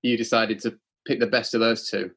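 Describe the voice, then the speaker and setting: A man's voice: on the low side, level tone, brisk, fairly bright tone, slightly rough. A man hosting a podcast, asking a guest questions in an easygoing, conversational way. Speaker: podcast host. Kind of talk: casual interview questions.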